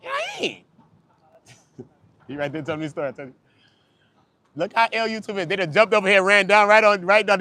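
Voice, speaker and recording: Loud joking New street vlogger man. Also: high-pitched, fairly quick, pauses often. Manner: animated, profane, joking, hypes up passersby. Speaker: livestreaming vlogger. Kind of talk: loud casual street livestream. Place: outdoors on a busy street.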